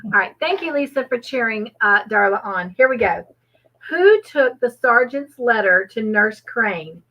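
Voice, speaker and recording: A woman with a high, bright voice and a forceful tone hosts a casual live trivia stream from home, animated yet a little slow. Chatty and laughing often, she thanks viewers by reading chat names aloud, and the stream audio is dull and lo-fi.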